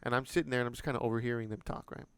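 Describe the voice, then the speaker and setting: A man co-hosting a podcast, telling a story in casual chat, animated and swearing freely. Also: medium pitch, rapid-fire, clear, resonant tone, no room sound. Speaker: podcast co-host.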